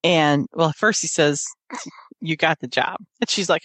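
A woman's voice: deep voice, measured pace, a bit bright, no room sound. A woman co-hosting a casual book discussion, retelling the plot with quoted lines and frequent laughter. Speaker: podcast co-host.

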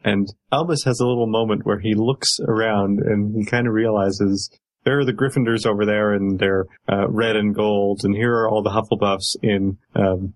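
A man in casual chat, relaxed and a little hesitant, recapping a story. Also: lowish voice, normal speed, rough recording.

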